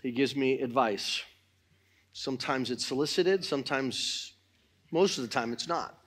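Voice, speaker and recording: A middle-aged man preaching a sermon in church, swinging between loud exhortation and quiet talk. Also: mid-range voice, a little slow, breathy edge. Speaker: pastor.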